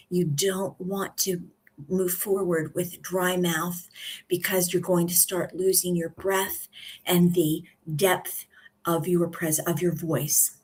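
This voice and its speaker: A husky-voiced woman teaches public speaking in a live video session. She talks slowly and calmly, leaving deliberate pauses between her points. Her tone is steady and instructive, like a coach walking a class through each tip. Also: on the low side. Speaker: communication coach. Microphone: live video stream.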